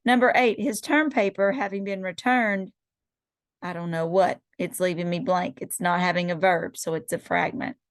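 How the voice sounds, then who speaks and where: A woman's voice: fairly low pitch, steady tone, moderate pace, no echo. A middle-aged woman teacher going through quiz answers one by one, explaining each step with rhetorical questions. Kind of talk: recorded lecture going over quiz answers.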